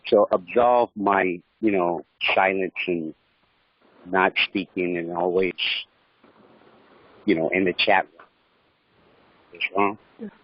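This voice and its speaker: Man caller, husky and low, hesitant with lots of fillers, dull muffled audio. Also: steady tone, takes it slowly, pauses often, no echo. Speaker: caller on a group call. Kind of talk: casual chat. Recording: dry, muffled online call audio.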